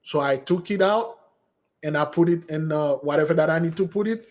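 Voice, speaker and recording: High-voiced man telling stories in a rambling way. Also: brisk. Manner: rambling and animated, restarts mid-sentence; jumps to a higher voice when quoting women. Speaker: spiritual channel host answering viewer questions. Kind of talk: casual storytelling and Q&A stream.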